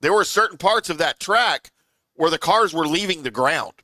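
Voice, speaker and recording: A man co-hosting a sports talk show, explaining at length in an animated, storytelling way. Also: a little high, moderate pace, no room sound. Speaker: co-host.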